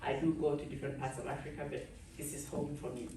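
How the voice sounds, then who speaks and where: A woman from Cameroon giving a lively conference keynote, laughing often and chatting with the audience on stage. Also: very deep voice, fast. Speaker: keynote speaker. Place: large conference hall. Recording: echoey hall, speaker far from the mic.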